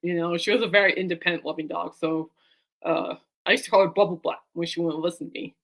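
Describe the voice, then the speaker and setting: Woman vlogger, bright forward voice, loose rambling heartfelt chat to camera. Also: fairly low pitch, steady tone, quick pace, vocal fry. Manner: rambling and heartfelt, talks aside to her dog. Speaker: vlogger and fan.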